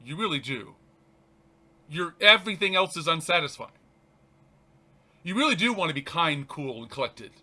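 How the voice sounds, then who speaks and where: A man, a reverend hosting his show, reads a spiritual text aloud and comments on it in an animated, halting way, often restarting and laughing. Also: a little high.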